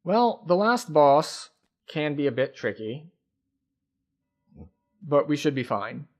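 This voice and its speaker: A man streaming a game, thinking aloud and calmly explaining the mechanics as he plays. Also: fairly high pitch, slow. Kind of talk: casual gameplay commentary.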